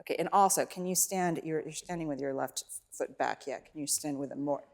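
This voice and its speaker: A woman with a low-pitched, slightly mellow voice, speaking a little fast, teaches a violin masterclass in a recital hall. Over the student's playing, she offers short encouragement, praises repeatedly and hums passages to model them.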